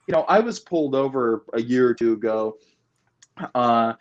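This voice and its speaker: A man talking in a political discussion, emphatic and repetitive, building his points in long animated runs. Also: medium pitch, normal speed, lo-fi sound. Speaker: guest. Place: Puget Sound area.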